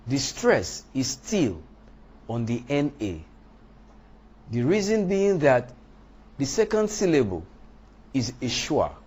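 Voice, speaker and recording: A man delivers a deliberate, emphatic phonetics lecture in a husky voice, with his pitch leaping and falling. He speaks English as a second language and spells out word endings letter by letter. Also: very animated, a little mellow. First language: not English. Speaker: English teacher.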